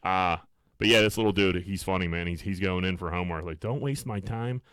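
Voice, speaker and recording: A man's voice: low-pitched, fast talker, smooth, dry recording, clean studio sound. A man co-hosting a podcast in casual chat, cursing freely and acting out quotes. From Pittsburgh area. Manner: animated, swearing, acts out quotes. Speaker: podcast co-host.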